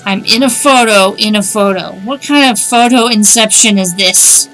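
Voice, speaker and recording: A woman's voice: medium pitch, moderate pace, fairly bright tone, soft background music. A woman streaming a game, chatting wryly, thinking aloud and reading on-screen text. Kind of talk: casual let's-play commentary.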